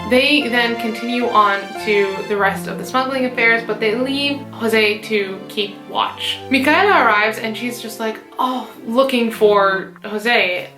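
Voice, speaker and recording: A woman's voice: a little high, unhurried, hardly any pauses. A young woman, a mezzo-soprano, giving a casual, chatty plot summary full of fillers and asides. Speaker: mezzo-soprano explaining an opera. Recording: roomy room with background music.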